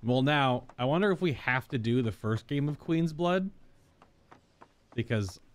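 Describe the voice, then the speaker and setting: A man's voice: medium pitch, animated, a little slow. A man hosting a casual let's-play, talking enthusiastically and rambling as he plays. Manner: enthusiastic, rambling, laughs often. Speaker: gaming channel host.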